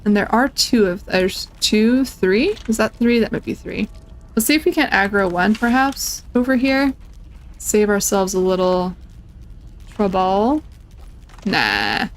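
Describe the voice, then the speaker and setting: This young woman's mid-range voice is expressive and a little slow as she casually commentates her own gameplay as a streamer. Her let's-play chatter is playful, aimed at enemies and viewers alike.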